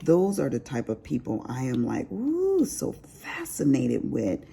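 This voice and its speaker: Middle-aged woman, casual crafting vlogger; mellow, gravelly voice that swoops around a lot. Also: rumbling low, unhurried, a little hiss or hum. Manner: chatty, expressive, calls listeners honey. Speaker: diamond painting vlogger. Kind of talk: casual chat while crafting.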